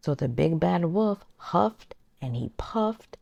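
A woman hosting a children's circle time, gently and expressively reading a storybook aloud to toddlers. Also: fairly low pitch, expressive, slow, vocal fry, few pauses, no echo.

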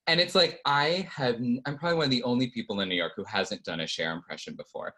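An American man who does impressions, chatting in a casual interview, animated and laughing often. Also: mid-range voice, quick pace. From United States. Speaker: guest impressionist.

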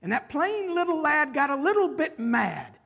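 A woman preacher reading a rhyming children's story aloud with expressive rhythm, then turning to a sermon point. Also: high voice, normal speed, creaky.

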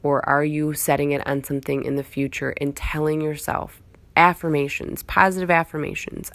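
A woman with a low voice and a gravelly edge, talking straight to her listeners in an earnest, rambling motivational monologue. She circles back on her phrases and repeats them for emphasis. The sound is dry and close, with no room around it. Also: level tone, normal speed, dry recording. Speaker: motivational speaker.

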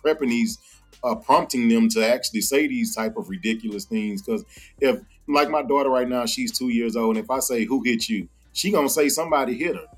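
A man's voice: mid-range voice, fairly quick, breathy edge, soft background music. A man talking as a podcast guest about co-parenting, earnest and storytelling, sometimes acting out what others said. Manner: earnest, storytelling, acts out quoted speech. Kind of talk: casual conversation.

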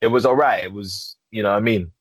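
A man's voice: fairly low pitch, quick pace, husky, no room sound, rough recording. A young man, telling stories in slang in a casual podcast chat. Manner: slangy, storytelling. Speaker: podcast co-host.

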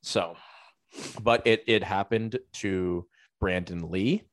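A man's voice: low-pitched, takes it slowly, dry recording, clean studio sound. A man co-hosting a casual podcast, telling a story in a rambling way full of fillers and restarts. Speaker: podcast co-host. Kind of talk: casual chat.

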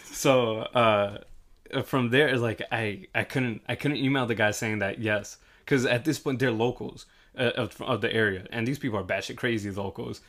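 A young man chatting casually and spinning a story with plenty of energy. He drops into quick voices for the people in it and swears freely, with a middle pitch. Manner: animated, acts out quoted voices, swears freely. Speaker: hotel front desk worker.

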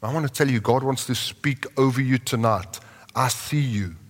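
A man's voice: mid-range voice, moderate pace. Preaching man in a big echoing hall. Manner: impassioned preaching, drops to soft prayerful tones. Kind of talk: sermon. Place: large church hall with congregation. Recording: long reverb of a large hall.

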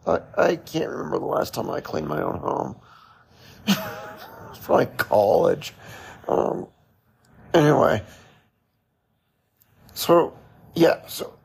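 A man's voice: fairly high pitch, creaky, darkish tone, breathy edge. A man hosting a podcast, casually telling a story in a chatty way, laughing often and restarting his sentences. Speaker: podcast host.

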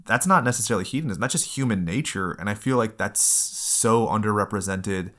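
A man in his thirties chatting about a movie with friends. His voice sits on the lower side, and he mixes close analysis with crude, animated jokes. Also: fairly quick. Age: 30s. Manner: animated, profane, jokey. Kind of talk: casual film discussion.

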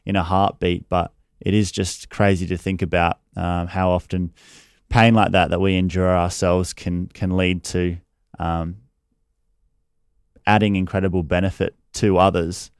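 A deep-voiced man hosts an interview with a measured, affirming manner. His tone is smooth and resonant, with very little rise and fall. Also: little pitch movement, dry recording, clean studio sound. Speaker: interview host. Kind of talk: conversational interview.

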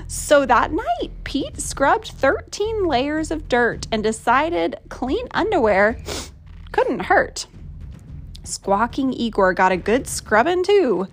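Expressive woman reading a picture book. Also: high voice, takes it slowly, slight background noise. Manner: expressive storytelling. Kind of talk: reading a children's book aloud.

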